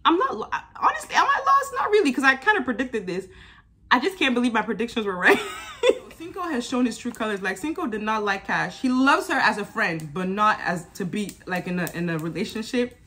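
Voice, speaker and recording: A woman with a bright, forceful voice, talking casually and animatedly to her viewers. Her pitch sits a touch high, and she laughs often as she recaps the episode. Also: expressive, fairly quick. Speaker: YouTube reality TV reviewer.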